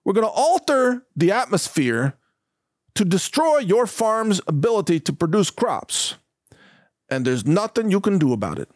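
A menacing official makes threats in a mock Brooklyn gangster accent, as a man puts him on. His voice sits a little high and sounds close and dry. He taunts his listeners. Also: sing-song, normal speed, no room sound.

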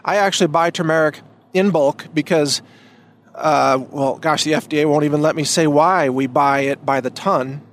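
A man on his own podcast, his voice pitched a little high for a man. He talks in a loose, rambling monologue, doubling back on his words and leaning hard on emphatic points. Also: moderate pace, a little hiss or hum. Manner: rambling, emphatic, many restarts. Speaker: podcast host. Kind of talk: casual monologue.

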